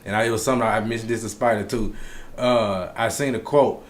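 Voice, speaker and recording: A man's voice: fairly low pitch, steady tone, brisk, slight background noise. A man co-hosting a podcast, talking in a laid-back, slangy way and agreeing often. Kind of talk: casual hip-hop podcast chat.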